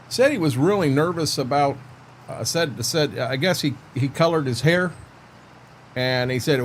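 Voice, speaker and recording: A man's voice: mid-range voice, normal speed, a little hiss or hum. A man chatting casually on a livestream while playing a farming game, rambling in a folksy way to his viewers and his dog.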